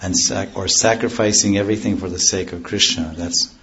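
A man's voice: deep voice, steady tone, brisk, fairly bright tone, lo-fi sound, slight background noise. A man teaching a devotional class as a spiritual teacher, wandering into stories and then explaining scripture terms in plain words. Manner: rambling, digresses into stories and loses the thread.

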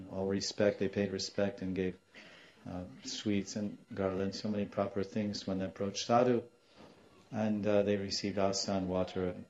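A man giving a storytelling sermon as a spiritual teacher, animated and acting out voices in his tale, in a dull lo-fi recording. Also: deep voice. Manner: animated, acts out quoted voices, laughs now and then.

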